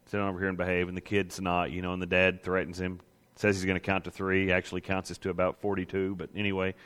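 A man's voice: low-pitched, monotone, fast, a bit bright, clean tone, in a large hall. A man preaching a sermon in a conversational way, now and then acting out the grumblers he quotes. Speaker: pastor.

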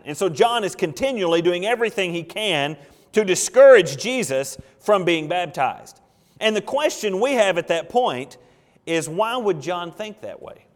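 A man's voice: sits high, lively intonation, normal speed. A male pastor preaching an emphatic sermon, asking questions and acting out quotes. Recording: long hall reverb.

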